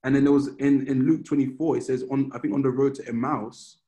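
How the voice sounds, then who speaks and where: A man with a mid-pitched, everyday voice gives an informal sermon. He talks as if chatting with friends and tells stories in a loose, storytelling way. He often stops and restarts a phrase before carrying on. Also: fairly even intonation, fairly quick, warm tone, low-quality recording. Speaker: preacher. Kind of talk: conversational sermon.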